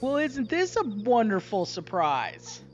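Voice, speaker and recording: A man's voice: high voice, wildly swooping pitch, takes it slowly, highs cut off, soft background music, pitched above the performer's own voice, heavily acted. A man voicing a playful young woman who teases him, in a raised, sing-song voice. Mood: teasing. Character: playful teasing young woman, twirling and dancing.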